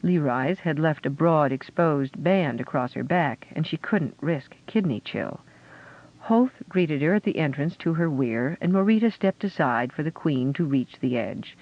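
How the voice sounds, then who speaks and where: A man narrating a fantasy audiobook with a steady storytelling delivery. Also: on the high side. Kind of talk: scripted narration. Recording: dull lo-fi audio.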